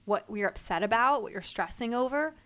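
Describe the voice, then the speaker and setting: A woman in her thirties hosts her own podcast, talking straight to listeners in a loose, motivational monologue. She is chatty and unfiltered, with frequent swearing and a steady stream of "like" and other fillers. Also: fairly high pitch, brisk. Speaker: podcast host.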